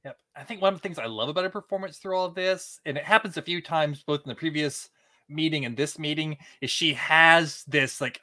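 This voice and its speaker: A man co-hosting a podcast in easy chat, his voice sitting a little high. He talks with animated energy and laughs often. The sound is dry and close, with no room around it. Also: no room sound. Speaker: podcast co-host. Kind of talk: casual chat.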